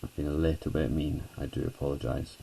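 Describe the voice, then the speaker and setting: A man's voice: a bass voice, flat delivery, fairly quick, creaky, mellow, slight background noise, rough recording. A man teaching a chemistry lesson at a whiteboard, chatty and self-deprecating, talking students through each step.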